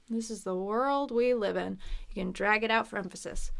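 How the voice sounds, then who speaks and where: An American woman teaching English pronunciation, repeating words slowly and carefully, with playful, chatty asides. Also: medium pitch, vocal fry, fairly bright tone. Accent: General American. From United States. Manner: repeats words slowly, exaggerating mouth positions. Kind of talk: slow, deliberate pronunciation lesson.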